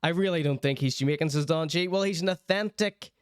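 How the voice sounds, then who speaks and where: A man's voice: a little high, fast, clear, resonant tone, no room sound, clean studio sound. A young man with a Northern Irish accent, hosting a live stream, reading out chat and commenting in a wry, sardonic, mock-indignant way. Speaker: streamer and show host.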